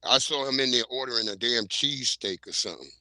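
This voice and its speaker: A man's voice: medium pitch, lively intonation, fast, bright, forceful tone, dry recording, low-quality recording. A man hosting a livestream, chatting casually in blunt slang while he plays clips. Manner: slangy, blunt, laid-back. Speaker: livestream host. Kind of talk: casual commentary.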